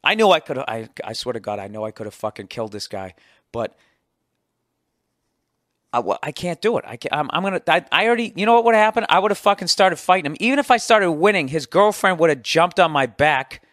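American podcast host, forties, profane self-mocking storyteller, slightly high voice. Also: male voice, expressive, brisk, a bit bright, no echo, studio quality. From United States. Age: 40s. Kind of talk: casual storytelling monologue.

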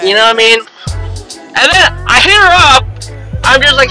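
A man's voice: extremely high pitch, lively intonation, moderate pace, pauses often, sharp tone, faint music behind, poor audio. A young man ranting casually and rambling, with lots of swearing and "you know what I mean" as he talks. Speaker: vlogger. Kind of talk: casual rant to camera.

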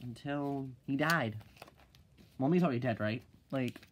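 A teenage boy vlogs in a loose, rambling way, with a middle pitch that sits about where most young guys talk. He swears and fills every gap with "like" and "freaking", then jumps into loud, squeaky exclaims to mock things. Faint noise hums behind him. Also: unhurried. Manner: swings into loud high exclaims when mocking. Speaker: vlogger. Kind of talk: casual vlog chat.

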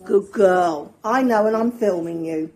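A middle-aged woman narrating a casual home vlog and cooing at her dog in excited baby talk. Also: medium pitch, unhurried. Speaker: dog owner filming her pet.

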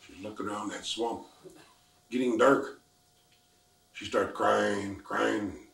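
An elderly man from the Lummi Nation telling a traditional story in simple, repetitive, unhurried phrasing. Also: lowish voice, steady tone, gravelly, a bit bright. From Lummi Nation, Washington, US. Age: older. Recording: echoey room, distant mic.

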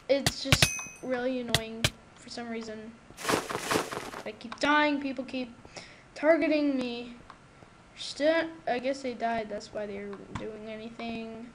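Woman, high voice, unhurried delivery, excitable gamer commentary, noisy home mic with hiss. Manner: excitable, protests loudly when losing. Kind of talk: casual gameplay commentary. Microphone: new desktop microphone.

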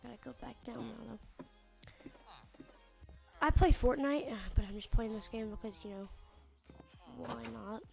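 A woman giving casual gameplay commentary, chatting as she plays and yelling at the in-game animals and villagers. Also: fairly high pitch, measured pace, creaky, long pauses, music in the background. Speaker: gamer.

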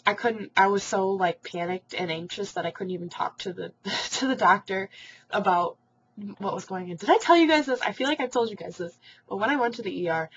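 A woman's voice: medium pitch, fairly bright tone. Teen girl rambling on a lo-fi webcam. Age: teens. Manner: rambling, sympathetic, many ums and likes. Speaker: vlogger in an online support group. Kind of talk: casual video reply to group members. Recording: dull lo-fi webcam audio with faint hiss.

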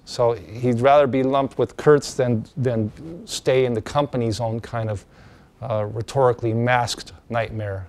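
A man's voice: mid-range voice, fairly even intonation, measured pace, darkish tone. A male teacher giving a casual classroom lecture, talking in a loose, conversational way with many fillers and restarts.

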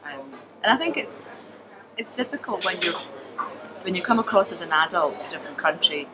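A woman comedian with a Scottish accent, chatting in an interview and telling stories with emphatic, animated delivery. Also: lowish voice, brisk, very noisy. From Scotland. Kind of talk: casual interview chat.

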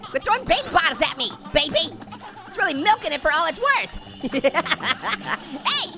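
A man voicing a hyper, wisecracking talking orange as he comments on a game, with a sped-up, pitch-shifted voice, giggling and punning. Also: very animated, moderate pace, vocal fry, exaggerated voice. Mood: giggly, teasing. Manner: giggly, punning, goofy taunts. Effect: sped-up high pitch-shifted voice. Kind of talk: let's play commentary. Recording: loud game music underneath. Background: game music.

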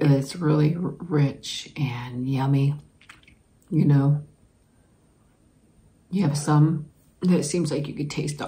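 A woman's voice: deep voice, darkish tone, slight background noise. A woman vlogger taste-testing snacks, chatting casually to viewers, giggling and talking while she chews. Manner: chatty, giggly, savoring food aloud while chewing. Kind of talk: casual taste-test chat to camera.

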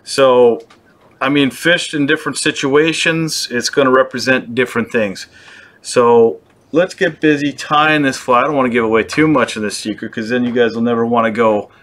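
Tying flies on his show, a young British Columbian man keeps the tutorial relaxed, cracking playful jokes at his own expense. His medium-pitched voice has a fairly bright tone, fairly even intonation, and a moderate pace.

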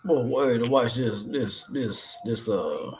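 A man's voice: mid-range voice, slow, a little mellow. A man co-hosting a live stream in casual chat, laughing and teasing as he reads out viewer comments and ends lines with "boy". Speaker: co-host of a wrestling live stream.

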